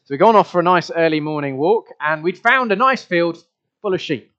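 Conversational preacher with a dull, lo-fi sound. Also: male voice, on the high side, lively intonation, fairly quick, bright, forceful tone. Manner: conversational, asks the congregation questions, repeats words. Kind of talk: sermon. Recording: dull lo-fi recording.

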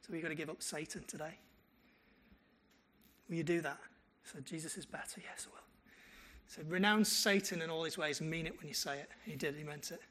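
A male pastor, preaching a sermon and telling stories with quoted dialogue. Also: fairly high pitch. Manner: animated storytelling with quoted dialogue.

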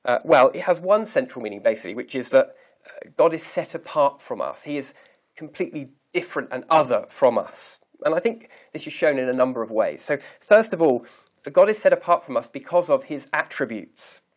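A man preaching a sermon, reading scripture aloud slowly and deliberately and pausing to stress key words. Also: medium pitch, expressive. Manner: measured, emphatic reading of scripture.

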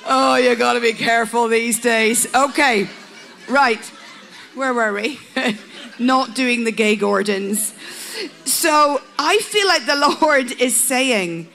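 A middle-aged woman delivering a sermon in an unhurried way. Her voice sits a little high. She moves between wry humor and fervent, shouted exhortation. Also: creaky. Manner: humorous asides that build to a passionate shouted climax. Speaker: preacher.

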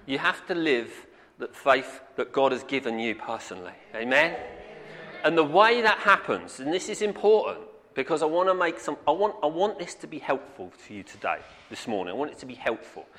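Earnest preacher in a reverberant hall. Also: male voice, on the high side, lively intonation, fairly quick, a bit bright. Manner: earnest, repetitive, calls out "amen". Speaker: pastor. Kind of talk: sermon.

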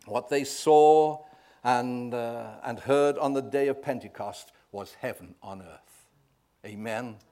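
A man preaching a sermon, swelling loud on key words and often asking the congregation "right?". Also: mid-range voice, a little slow.

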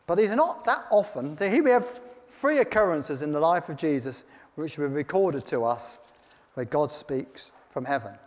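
Male preacher, slightly high voice, long hall reverb. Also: expressive, moderate pace. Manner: reads scripture aloud then comments in plain chat. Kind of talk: sermon.

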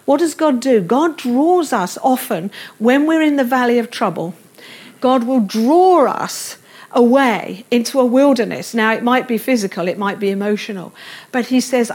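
Middle-aged woman preaching, earnest and tender, kinda high voice. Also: lively intonation, moderate pace, husky. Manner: earnest, reads scripture aloud with quiet tender emphasis. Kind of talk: sermon.

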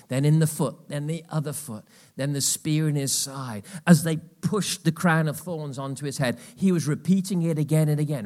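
Male preacher, mid-pitched, passionate, drops to near-whispers between bursts; live church sermon. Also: normal speed, hardly any pauses. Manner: emphatic, swings from loud exhortation to hushed asides. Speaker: pastor.

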